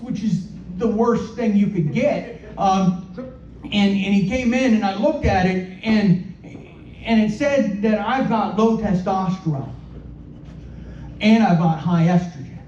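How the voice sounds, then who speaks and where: A man doing a stand-up comedy set in a comedy club. He talks in halting, self-deprecating bursts and repeats his words often. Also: high voice, expressive, darkish tone. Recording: roomy, dull club recording from a distance.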